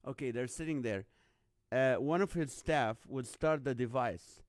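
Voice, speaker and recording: A man's voice: mid-range voice, unhurried, no echo, clean studio sound. A middle-aged man hosting a live online show in casual, rambling chat, greeting viewers by name.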